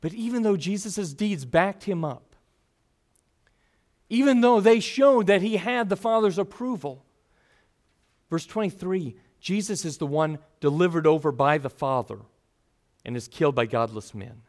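Guy preaching a sermon, kinda high voice, earnest teacher vibe. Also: expressive, measured pace, pauses often, darkish tone.

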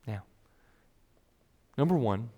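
A man's voice: mid-range voice, lively intonation, takes it slowly, breathy edge, phone-quality sound. A man preaching an expository sermon, earnest and emphatic, who voices his listeners' objections as he goes.

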